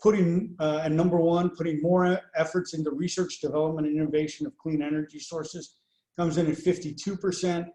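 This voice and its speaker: A man presenting poll results over slides in a measured way, with many fillers between the figures. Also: fairly high pitch, level tone, warm tone, reverberant. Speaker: pollster presenting survey results.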